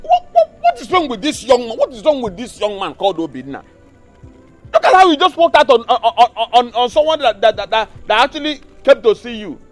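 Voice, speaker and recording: An actor playing a talkative, blunt carpenter's friend who preaches and repeats himself, speaking Nigerian English. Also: male voice, extremely high pitch, fairly quick, faint music behind, exaggerated voice. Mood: indignant. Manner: loud, excitable, repeats himself. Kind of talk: Nollywood film acting.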